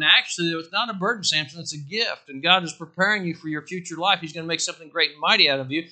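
A male pastor preaching a sermon, swinging from loud declarations to hushed asides and acting out quotes. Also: on the high side, fast, few pauses.

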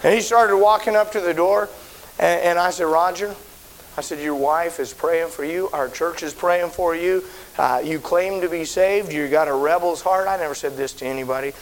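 A middle-aged male pastor tells a story during a sermon in a church auditorium, starting out folksy and swelling to shouted preaching. His voice is on the high side at normal speed. The recording is low quality with faint hiss.

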